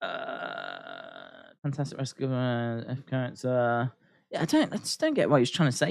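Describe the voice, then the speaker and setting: Animated wrestling streamer. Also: male voice, medium pitch, measured pace, vocal fry, no room sound, studio quality. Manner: animated, repeats lines, laughs at himself. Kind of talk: live reaction commentary.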